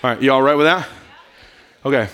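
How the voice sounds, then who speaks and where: A man preaching a sermon, swinging from loud, emphatic lines to hushed asides and playful, casual quotes. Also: medium pitch, fairly quick, some chatter behind, slight background noise. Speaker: pastor.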